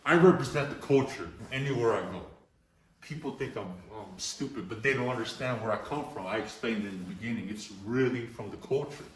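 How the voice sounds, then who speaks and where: In a casual storytelling interview, a male graffiti artist from Los Angeles talks in a mid-range voice, cursing, using street slang, and repeating "bro" and "you know." The sound is echoey and distant, as if the mic sat far across the room.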